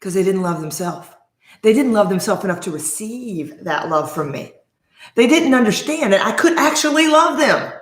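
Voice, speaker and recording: Forties woman coach, motivational chat to camera, punchy and animated, middle pitch, echoey room sound. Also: moderate pace. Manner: lively, emphatic, conversational with rhetorical questions. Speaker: life coach. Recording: roomy echo.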